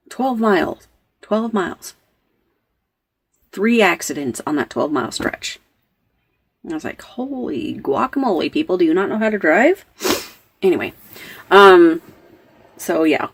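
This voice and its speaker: A woman hosting a knitting podcast, telling a story in a chatty, rambling way with plenty of fillers and asides. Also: lowish voice. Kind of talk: casual storytelling chat.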